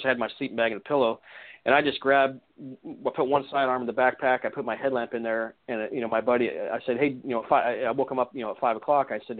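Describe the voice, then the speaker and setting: A man recounting an encounter as a guest on a radio interview, rambling with many restarts and "you know"s. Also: mid-range voice. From Washington state. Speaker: eyewitness guest. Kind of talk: casual storytelling interview. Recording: tinny phone line.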